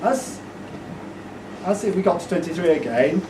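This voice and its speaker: High-voiced man joking at a poetry launch. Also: expressive, moderate pace. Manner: playful, joking, mock-esoteric; shouting the refrain with rising energy. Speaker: poet reading at a book launch. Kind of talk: live poetry reading with audience call-and-response. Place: indoor event room with an audience. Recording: echoey room, far mic, loud crowd noise.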